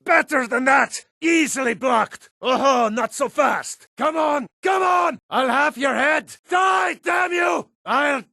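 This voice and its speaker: An actor playing a gruff, burly Nord townsman and warrior in a video game, shouting battle cries and making plain small talk. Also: very high-pitched, slow pace, few pauses, dry recording, studio quality, full character voice. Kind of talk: video game character voice lines.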